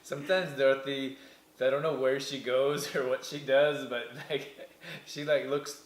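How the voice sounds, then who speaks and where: A man's voice: medium pitch, level tone, normal speed, echoey room. A man co-hosting a casual morning talk show, teasing and laughing often. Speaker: co-host. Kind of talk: casual chat.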